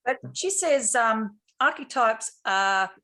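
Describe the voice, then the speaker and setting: A woman hosting an interview, asking questions gently with small restarts. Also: on the high side, animated, slow pace. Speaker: interviewer, host.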